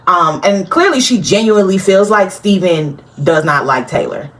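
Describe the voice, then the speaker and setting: A woman hosting a casual TV recap, chatty and animated, talking straight to her viewers and laughing often. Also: medium pitch, moderate pace. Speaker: TV recap host.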